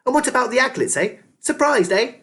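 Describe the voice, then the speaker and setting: A man voicing a haughty, bossy girl in a high, indignant voice. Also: expressive, a little fast, bright, forceful tone, exaggerated voice. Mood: accusing.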